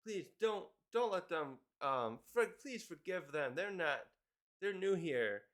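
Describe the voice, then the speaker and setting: A man's voice: high-pitched, animated, slow pace, a bit bright, heavily acted. A man voicing a nervous young giant who urgently pleads with others. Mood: pleading.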